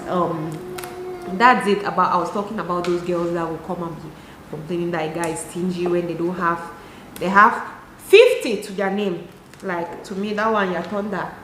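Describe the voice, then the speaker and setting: A young Cameroonian woman with a Cameroonian accent, chatting to camera in an animated, exasperated way. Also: mid-range voice, a little hiss or hum. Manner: animated, talks with her hands, rhetorical and exasperated. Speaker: lifestyle vlogger. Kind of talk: casual chat to camera. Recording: echoey room.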